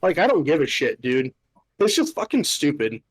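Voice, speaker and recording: A young man on a podcast recounts a story in an exasperated, swear-heavy rant full of "like." His voice is husky and on the high side, with a sing-song lilt and a moderate pace. The recording is rough.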